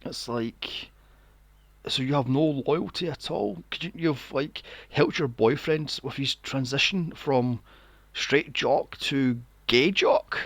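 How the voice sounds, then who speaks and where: A man's voice: medium pitch, slow pace, slightly rough, no room sound. A man co-hosting a film podcast, swearing freely and acting out characters in mocking voices. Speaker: podcast co-host. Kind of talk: casual film review chat.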